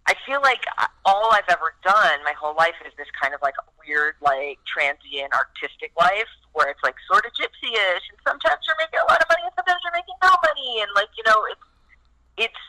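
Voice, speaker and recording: A woman's voice: on the low side, sharp tone, poor audio. A woman being interviewed as a guest actress, chatting casually, swearing freely and filling her speech with "like".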